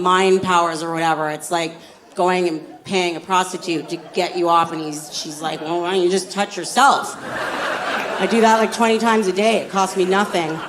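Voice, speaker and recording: A woman's voice: lowish voice, a little hiss or hum, rough recording. A woman doing a stand-up comedy set, brash and profane in a chatty way. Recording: live audience laughter.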